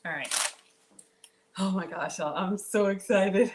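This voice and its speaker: A woman's voice: mid-range voice, measured pace, heavy background noise. Chatty woman hosting a kitchen livestream. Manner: chatty, talks straight to viewers, reads out comments. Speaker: cooking channel host. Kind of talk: live-stream cooking chat. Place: home kitchen.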